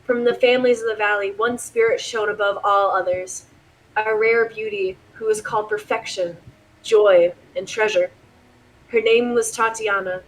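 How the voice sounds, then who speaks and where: A woman voicing a traveling man who reads a dark old journal aloud in a measured, solemn way, without putting on an accent. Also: sits high, rough recording.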